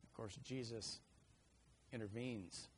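A middle-aged man preaching a sermon, telling family stories and acting out children's cries with lively energy. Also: medium pitch, takes it slowly, a little hiss or hum. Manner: animated storyteller, acts out kids' shouts.

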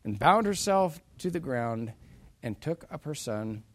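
Unhurried and sing-song in a mid-range voice, a preacher first reads scripture in archaic phrasing, then recasts it in everyday words, moving dramatically from soft passages to loud ones.

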